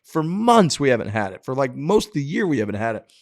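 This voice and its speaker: A man's voice: mid-range voice, very animated, fast. A man co-hosting a golf podcast in casual chat, easygoing and teasing. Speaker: podcast co-host.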